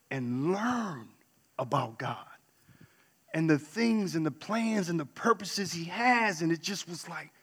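A man sharing a personal faith testimony in an earnest storytelling way, dropping to a hush and then rising to loud excitement. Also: sits high, long reverb tail. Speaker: church member sharing his testimony.

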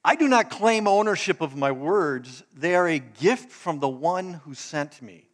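A man reading the words of Jesus aloud in the first person, as a calm, earnest teacher, in a measured reading manner. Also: fairly high pitch.

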